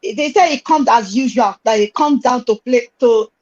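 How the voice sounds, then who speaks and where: A woman calling into a livestream discussion on earphones, talking excitedly, her call audio breaking up. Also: fairly high pitch, moderate pace, muffled recording. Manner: excitable, loud when excited. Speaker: caller on livestream. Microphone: earphones on video call.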